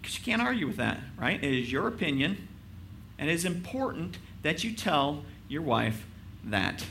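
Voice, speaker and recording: A man preaches a sermon in a loose, chatty way, poking fun at himself and checking in with his listeners. His voice is bright and forceful and sits a bit high for a man. Faint room ambience hums behind him. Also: very animated, moderate pace, creaky, a little hiss or hum. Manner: casual, self-deprecating, asks the audience rhetorical questions. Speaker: pastor. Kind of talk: conversational sermon.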